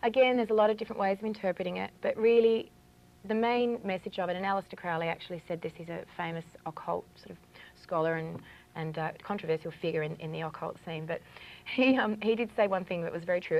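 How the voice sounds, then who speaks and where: Fast-talking Australian woman. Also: lowish voice, creaky, muffled recording. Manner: chatty and eager, many "you know" fillers. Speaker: guest. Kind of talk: casual TV interview, explaining ritual objects.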